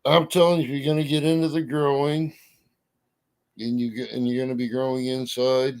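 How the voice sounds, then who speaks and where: A man chatting casually, spinning folksy stories at an easy drawl. His voice sits at an average pitch, with mild cursing. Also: flat delivery, a little fast, clean tone. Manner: folksy storyteller, drawling, swears mildly. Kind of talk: casual chat.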